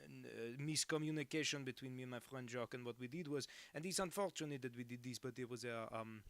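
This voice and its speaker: A man's voice: mid-range voice, a bit bright, dry recording, close to an everyday voice. A man voicing a rambling adult French man who halts often and speaks in broken English. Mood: sheepish. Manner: halting, many fillers, broken English.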